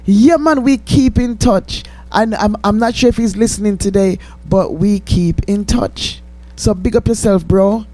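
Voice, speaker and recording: A woman's voice: medium pitch, normal speed, mellow, no echo. A woman with a Jamaican accent hosting a radio ministry and preaching a testimony, fervent and pleading, slipping into patois.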